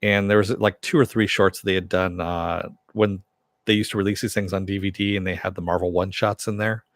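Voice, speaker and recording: A man with a low voice hosts a casual live stream, reading viewer comments and riffing on them. He rambles and laughs at himself often. The sound is dry and close. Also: fairly even intonation, brisk, dry recording. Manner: rambling, self-deprecating, chuckles often.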